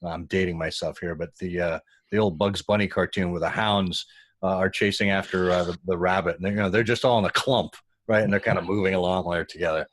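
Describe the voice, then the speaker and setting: A man telling a story as a podcast guest, animated and acting out the voices of the people he quotes. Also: deep voice, fast talker, no echo, studio quality. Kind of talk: conversational storytelling.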